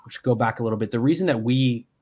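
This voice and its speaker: A man's mid-range voice races through a live, step-by-step software demo recorded at home. He frequently ums and restarts as he explains.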